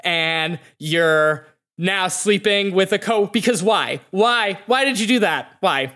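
A woman's voice: mid-range voice, takes it slowly, fairly bright tone, voice pushed up. A game master voicing a furious, tearful young mother who bursts out at her husband. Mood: accusing. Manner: bitter, exasperated outbursts.

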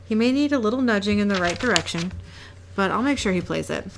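A smug, scheming male angel, glib and mocking, unhurried delivery, mid-pitched voice, read plainly by a woman. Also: animated, creaky, background noise.

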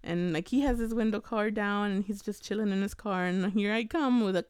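A young woman co-hosting a podcast, telling a story in casual chat and acting out the quoted voices with big jumps in pitch. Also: a little fast, clear, resonant tone, no echo, studio quality. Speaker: podcast co-host.

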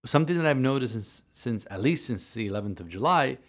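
Earnest halting priest, podcast chat. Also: male voice, medium pitch, expressive. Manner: earnest, halting with many restarts.

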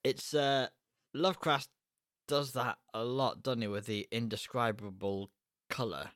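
A man's voice: medium pitch, fairly even intonation, measured pace, fairly bright tone, no room sound, studio quality. A man co-hosting a podcast, chatting casually with a wry, joking manner. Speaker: podcast co-host. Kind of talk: casual chat.

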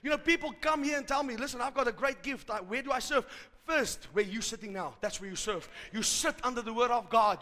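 A man preaching a fervent sermon to a live congregation, rising to shouts at its peaks. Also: extremely high pitch, a little fast. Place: large church hall. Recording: hall reverb from a live service.

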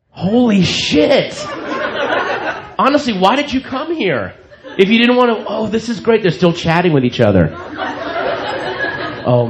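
A stand-up comedian on a club stage, loudly and profanely mocking audience members who kept talking. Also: male voice, a little high. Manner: incredulous, mocking, profane, loud. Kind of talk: stand-up set, confronting hecklers. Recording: live club recording with crowd noise. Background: audience laughter and club noise.

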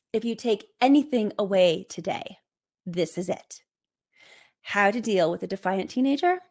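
A woman with a slightly high voice gives parenting advice straight to the listener. She talks in an emphatic, direct way and laughs lightly between points. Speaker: parenting coach.

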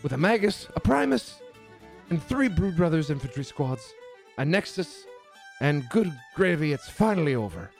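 A podcast host putting on an Irish accent and stumbling through a long list in a hammy way. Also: male voice, a little high, sing-song, moderate pace, creaky, a little mellow, soft background music. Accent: put-on Irish. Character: man reading in a put-on Irish accent.

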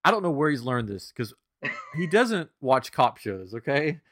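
Lively middle-aged man telling a story. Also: medium pitch, normal speed, no echo, studio quality. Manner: animated, laughing often. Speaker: podcast co-host. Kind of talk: casual storytelling.

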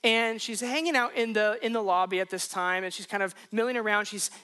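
A woman's voice: mid-range voice, fairly even intonation, brisk, bright, forceful tone, clear, resonant tone. A woman pastor preaching, telling a personal story in a loose, conversational way with frequent restarts. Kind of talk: sermon told as a personal story.

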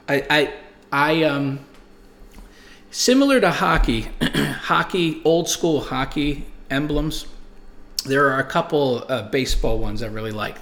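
A man's voice: a little high, fairly bright tone, reverberant. A man in his forties hosting a show, telling stories and reading viewer comments in a rambling, profane, emphatic way. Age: 40s. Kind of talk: casual monologue.

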